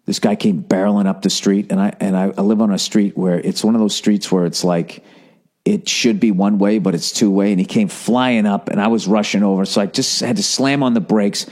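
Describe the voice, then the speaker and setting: A man's voice: on the low side, fairly even intonation, brisk, darkish tone. A man, a comedian, telling a story in a casual, profane, self-mocking monologue.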